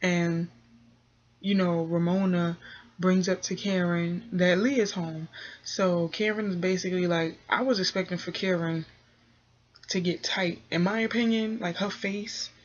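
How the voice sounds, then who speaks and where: A woman's voice: fairly low pitch, fairly even intonation, a little slow, muffled recording. A woman giving a chatty, casual review of a reality TV episode, full of fillers and acted-out quotes. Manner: chatty, full of "you know" and "um", acts out quotes. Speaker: TV recap vlogger.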